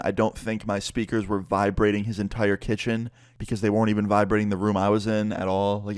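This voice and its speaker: A young man telling a storytime vlog in a low voice. He speaks casually and animatedly, with plenty of swearing. The sound is dry and close. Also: smooth, no echo. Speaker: vlogger and musician.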